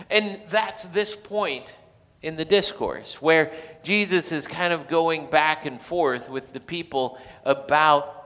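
A man giving a casual, conversational sermon, talking in a halting way with frequent restarts and fillers. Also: mid-range voice, sharp tone, long reverb tail. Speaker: preacher.

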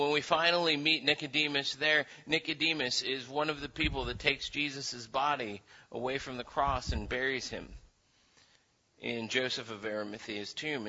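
Brief: male preacher, sermon with storytelling, repeats words, very bright tone. Lo-fi. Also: medium pitch. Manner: animated storytelling with voiced quotes, frequent restarts.

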